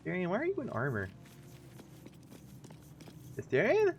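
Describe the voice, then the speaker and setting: A man's voice: high-pitched, wildly swooping pitch, a little slow, highs cut off, slight background noise. A man streaming a video game, giving casual, rambling, jokey and self-mocking commentary as he plays. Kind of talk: casual let's-play commentary.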